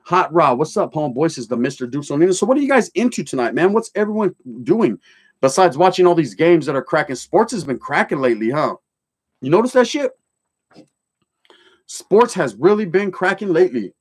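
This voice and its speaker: A middle-aged man from California talks loosely on his livestream, reading viewers' chat aloud and spinning old stories. His voice sits a little higher than most men's, and his speech is full of street slang and profanity. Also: sing-song, a little fast, breathy edge. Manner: streetwise slang, swearing, storytelling.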